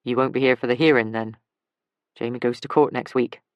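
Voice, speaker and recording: A woman voicing a modest, quiet man. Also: extremely low pitch, fairly even intonation, a little fast, clean tone, no echo. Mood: sincere. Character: kind, modest man mechanic.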